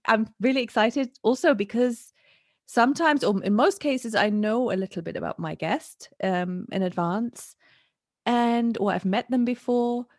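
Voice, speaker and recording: A woman's voice: on the high side, unhurried, darkish tone, no echo, studio quality. A woman hosting a podcast, chatty and upbeat, who laughs often while talking. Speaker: podcast host. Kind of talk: casual podcast chat.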